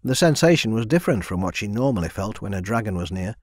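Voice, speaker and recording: A man reading a young adult fantasy audiobook in an even, measured scripted narration. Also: fairly low pitch, no room sound, studio quality.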